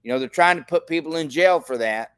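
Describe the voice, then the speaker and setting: A man's voice: on the high side, brisk, clear, resonant tone. An older man from Texas hosting a casual livestream, talking in a rambling, indignant way with frequent restarts. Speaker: show host.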